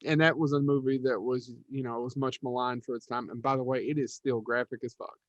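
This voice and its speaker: A man's voice: medium pitch, steady tone, quick pace, no room sound, highs cut off. A man co-hosting a podcast, chatting casually about films, rambling, swearing and blanking on names. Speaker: podcast co-host. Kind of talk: casual movie chat.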